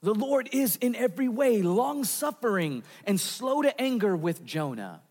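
Male pastor, high-pitched, earnest sermon delivery with dramatic drops, long church reverb. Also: very animated, measured pace, darkish tone. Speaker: preacher. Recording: reverberant hall.

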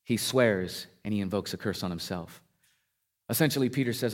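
A male pastor delivering a sermon in an average-pitched voice. He tells the scripture story with lively emphasis, his voice climbing for stress and sinking low and quiet on the heavy lines. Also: brisk. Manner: dynamic preaching, pitch rising for emphasis and dropping low on key lines.

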